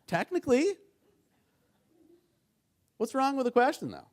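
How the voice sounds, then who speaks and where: Lively middle-aged man teaching a workshop. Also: high-pitched, moderate pace. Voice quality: engaging, keeps asking the audience "right?". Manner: animated storytelling, acts out quoted dialogue. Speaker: negotiation trainer and mediator. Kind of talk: conference workshop talk.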